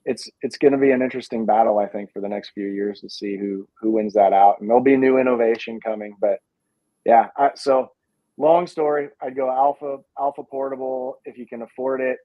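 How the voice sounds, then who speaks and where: A man's voice: mid-range voice, steady tone, a little fast, no echo. A man speaking as the guest on a casual video chat, thoughtful and hedging, with plenty of fillers. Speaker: guest, pizza dough company founder. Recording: dull lo-fi sound.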